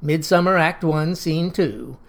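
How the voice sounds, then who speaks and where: A narrator voicing a thin, pompous male teacher who quotes the classics in a lofty, measured way. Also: medium pitch, creaky. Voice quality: lofty, quotation-heavy delivery.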